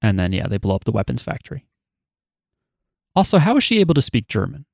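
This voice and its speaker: A man's voice: mid-range voice, very animated, quick pace, creaky, a little mellow, no echo, studio quality. A man co-hosting a podcast, chatting in a loose, rambling way and cursing casually. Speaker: podcast co-host. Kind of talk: casual chat.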